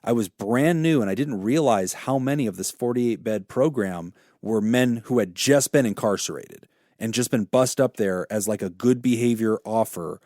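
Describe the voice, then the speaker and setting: A man who works as a therapist, co-hosting a podcast and telling a story in a casual, animated way, swearing freely. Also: fairly low pitch, moderate pace, no room sound, clean studio sound.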